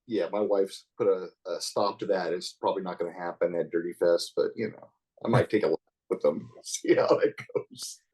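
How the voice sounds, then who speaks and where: Low-voiced man in his sixties, rambling. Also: fairly even intonation, moderate pace, darkish tone, slightly rough, poor audio. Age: 60s. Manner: rambling, peppered with "you know", chuckles often. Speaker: podcast guest. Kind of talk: casual storytelling.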